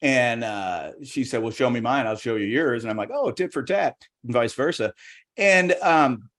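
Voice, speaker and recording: A man's voice: medium pitch, lively intonation, normal speed, fairly bright tone. A middle-aged man doing a stand-up set over a video call, self-deprecating and rambling, restarting his sentences. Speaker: guest comedian.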